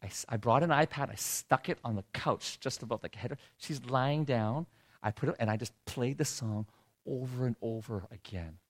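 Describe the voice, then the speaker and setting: A middle-aged man telling a heartfelt personal story in a sermon, his voice dropping low and soft when he is moved. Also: normal speed. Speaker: preacher. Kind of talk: sermon testimony.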